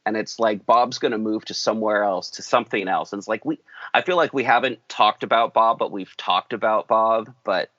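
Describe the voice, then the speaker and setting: A man's voice: lowish voice, a little fast, sharp tone, dry recording. Rambling male podcast host, dry lo-fi sound. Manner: rambling, thinks aloud. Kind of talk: casual podcast discussion.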